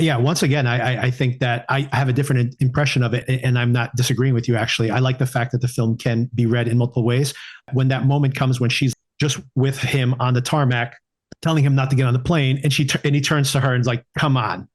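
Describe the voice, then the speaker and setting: A man's voice: medium pitch, steady tone, fast talker. A man co-hosting a film podcast in casual talk, restarting his sentences and quoting characters in mock dialogue. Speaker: podcast co-host.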